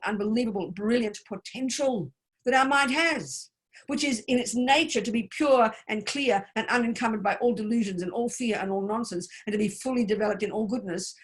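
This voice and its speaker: Emphatic woman giving a Buddhist teaching. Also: mid-range voice. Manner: emphatic and animated, with blunt, colloquial asides. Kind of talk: informal workshop teaching.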